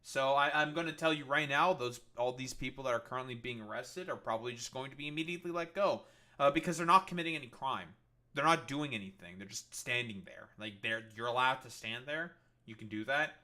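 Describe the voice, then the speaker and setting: A man's voice: mid-range voice, brisk, bright, forceful tone. A man ranting sarcastically and swearing constantly as he reacts to news clips on a livestream, full of fillers like "uh" and "like". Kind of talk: political commentary livestream.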